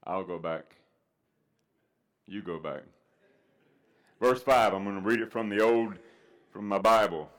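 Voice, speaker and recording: A man's voice: on the low side, a little slow, pauses often. Man preaching, emphatic scripture reading. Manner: conversational with fillers, rising to loud emphatic scripture reading. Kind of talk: sermon.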